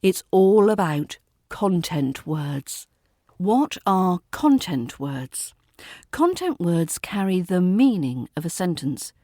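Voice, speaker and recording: Slow, lively British RP woman teacher. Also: fairly low pitch, dry recording, clean studio sound. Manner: slow, deliberate, modelling example sentences aloud. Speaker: accent coach. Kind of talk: pronunciation lesson.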